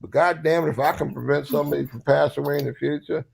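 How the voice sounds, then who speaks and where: Gravelly older Southern man, blunt, salty, fired-up advocate. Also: a little high, fairly even intonation, fast, a little mellow. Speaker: recovery advocate guest. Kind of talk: casual livestream chat.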